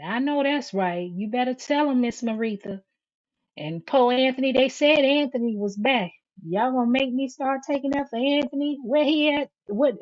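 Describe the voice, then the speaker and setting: A woman's voice: fairly high pitch, moderate pace, darkish tone, dull audio. A woman hosting a live stream, reading viewer comments and firing back at critics in a confrontational way, calling her listeners "baby" over and over.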